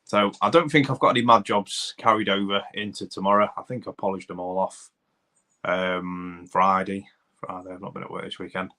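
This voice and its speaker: Brief: Doncaster-accented male streamer, thirties, rambling and matey, slightly low voice with a bright edge. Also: steady tone, moderate pace. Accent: Doncaster, South Yorkshire. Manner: rambling, chatty, addresses viewers as buddy and mate. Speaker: livestream host, car mechanic. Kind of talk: casual livestream chat reading comments.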